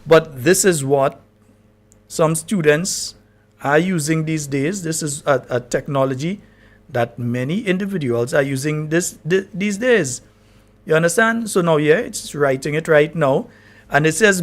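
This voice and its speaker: A man hosting live talk radio. His voice is high for a man, and he talks in a chatty way, often checking that his listeners are following him. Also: measured pace. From Grenada. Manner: chatty, asks listeners if they understand. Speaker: radio talk show host.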